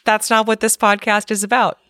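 Podcast co-host, woman, mid-pitched, blunt and emphatic, recorded dry and close. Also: flat delivery, a little fast, fairly bright tone, no room sound. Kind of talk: casual chat.

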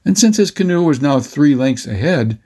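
A man narrating a children's adventure story with a steady, expressive reading. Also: on the high side, moderate pace, husky.

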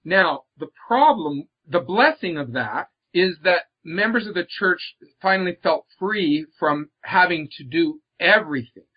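A man's voice: sits high, animated, unhurried, hardly any pauses, husky. A man speaking earnestly about faith as an author and guest, stressing his words and often repeating them. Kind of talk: reflective religious discussion. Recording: slightly muffled, lo-fi audio.

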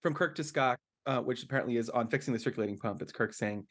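A man hosting a casual podcast chat, playful and quick to laugh. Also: medium pitch, fairly bright tone. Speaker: podcast host.

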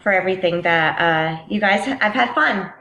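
A woman's voice: on the low side, normal speed, bright, forceful tone, dull audio. A woman from Connecticut, a coaching guest answering questions in a friendly, thoughtful way. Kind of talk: interview answers.

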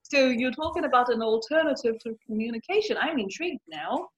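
A woman's voice: a little high, animated, fairly quick. A woman hosting a podcast in a casual, chatty way, talking straight to her listeners. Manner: chatty, friendly, talks to listeners directly. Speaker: podcast host. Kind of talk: casual chat. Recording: dull, lo-fi sound.

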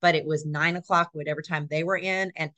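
A woman's voice: low-pitched, steady tone, brisk, sharp tone, dry recording. A woman from California, a dog trainer chatting as a guest in an earnest, rambling way. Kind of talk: casual chat.

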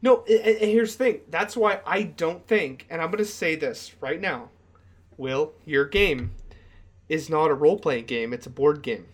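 Excitable man with a higher voice. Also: normal speed. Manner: animated, excitable, many restarts and "like" fillers. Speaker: podcast co-host. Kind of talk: casual chat.

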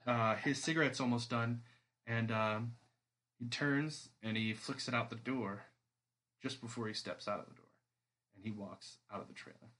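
A man serving as game master, narrating a tabletop game in a relaxed, rambling way with many fillers. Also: mid-range voice, moderate pace.

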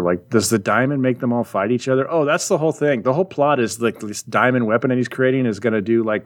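A man in casual chat, animatedly retelling a comic book plot and briefly voicing its characters. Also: medium pitch. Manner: rambling, animated retelling with quick voices for characters. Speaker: podcast co-host recapping a comic.

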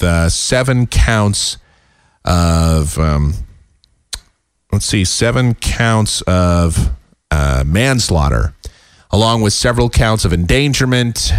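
A man hosting a casual solo podcast, talking in a rambling way with many fillers, his voice a little raspy and tired. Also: fairly low pitch, no room sound, studio quality. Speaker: podcast host. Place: home.

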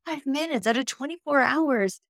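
A woman's voice: high voice, lively intonation, normal speed, fairly bright tone, no room sound, studio quality. A woman, a Christian speaker and author, talking earnestly as a guest on a faith podcast and building to emphatic encouragement.

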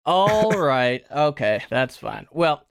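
A man's voice: very animated, takes it slowly, gravelly, no room sound, studio quality. A man co-hosting a history podcast, with a theatrical, rhetorical way of talking. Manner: theatrical, rhetorical delivery with sudden pitch leaps. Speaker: podcast co-host. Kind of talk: casual history podcast chat.

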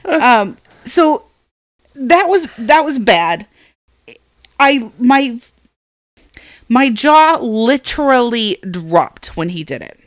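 Speaking into a podcast microphone, a woman in her thirties who co-hosts the show and is a parent tells a story in casual chat, acting out the quotes with animation. Her voice is on the high side and very animated, with drawn-out words and frequent pauses, in studio-quality sound with no echo.

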